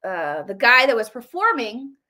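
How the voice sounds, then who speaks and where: Middle-aged American woman host, slightly high pitch, excited chatty commentary, lots of repeated words. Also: normal speed. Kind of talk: casual political commentary.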